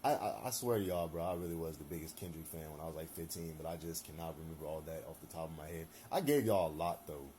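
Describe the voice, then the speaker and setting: Young guy riffing on music alone, low voice, kinda dark tone, faint hum behind. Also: quick pace, hardly any pauses. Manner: rambling, loose, slangy, many fillers. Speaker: solo commentator. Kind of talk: casual opinion monologue.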